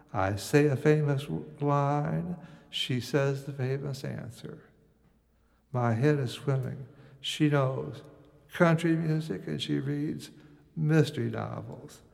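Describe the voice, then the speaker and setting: A man's voice: on the high side, vocal fry, darkish tone, big-room sound. An older man from the United States telling a wry, musing first-person story.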